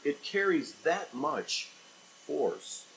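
A man preaching an expository sermon, rising to loud emphatic bursts and dropping to quiet, low scripture reading. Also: sing-song, very slow, creaky, slight background noise, poor audio.

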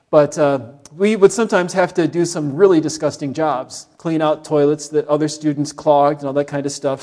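Animated preacher man, lively delivery. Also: a little high. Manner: animated, acts out quoted grumbling voices. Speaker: pastor. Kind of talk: sermon.

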